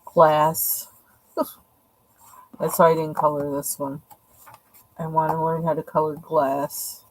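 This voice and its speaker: A woman with a fairly low voice talks casually at home, showing her coloring pages and thinking aloud. Her chat is loose and rambling, full of small asides. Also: flat delivery, unhurried, a little hiss or hum, rough recording. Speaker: coloring channel host. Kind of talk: casual show-and-tell.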